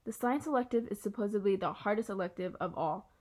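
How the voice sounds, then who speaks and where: A smug young bully, put on by a woman reading aloud, sarcastic and sneering at everything. His voice sits a little higher than a plain reading voice and pushes forward. It suits an audiobook of a school story. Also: fast, darkish tone, lightly acted.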